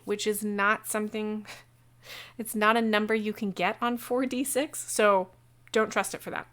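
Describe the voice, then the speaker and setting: A woman game master talking casually on a livestream about running a tabletop session, chatty and digressive, with quick asides. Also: mid-range voice, steady tone, a bit bright. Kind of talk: casual how-to talk on a livestream.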